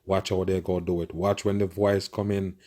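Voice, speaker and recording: A man's voice: sits low, level tone, normal speed, a little mellow. A man giving profane, conspiratorial reaction commentary on a video, with constant murmured agreement.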